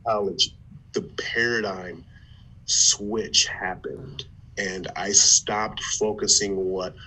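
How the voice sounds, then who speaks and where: A man from Ohio, a former football player turned motivational speaker, telling his life story in an animated way with stammered restarts. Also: on the low side, takes it slowly, husky, rough recording. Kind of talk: conversational storytelling.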